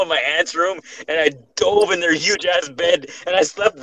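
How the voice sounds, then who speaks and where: A man's voice: fairly high pitch, moderate pace, few pauses, a crowd in the background, low-quality recording. A young man hosting a casual podcast, telling a scary story with lots of swearing and restarts. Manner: profane, animated, restarts often.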